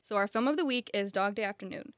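A woman's voice: medium pitch, fast, no room sound. Young woman hosting a casual film chat. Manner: enthusiastic, leads the discussion. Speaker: podcast host.

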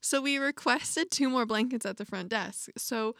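Bright-voiced young woman. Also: fairly high pitch, moderate pace, no echo, clean studio sound. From Canada. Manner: lively storyteller, laughs between phrases. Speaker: podcast co-host. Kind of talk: casual chat.

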